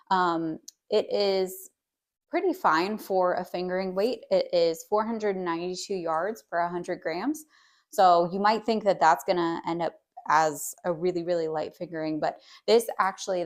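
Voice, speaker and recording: A woman knitwear designer chatting casually about her new pattern, relaxed and a little hesitant. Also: lowish voice. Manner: chatty, hesitant with many ums. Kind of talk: casual vlog chat.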